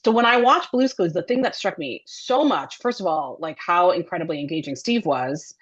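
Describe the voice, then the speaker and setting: A woman who directs and produces children's television, chatting as an interview guest in a chatty, animated way with many fillers. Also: lowish voice, normal speed, breathy edge, muffled recording. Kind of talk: casual interview chat.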